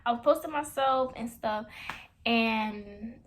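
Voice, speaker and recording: A woman's voice: on the high side, slow pace, slight background noise. A young woman vlogger telling a casual story. She acts out both sides of old conversations, with dramatic gasps and whispered asides.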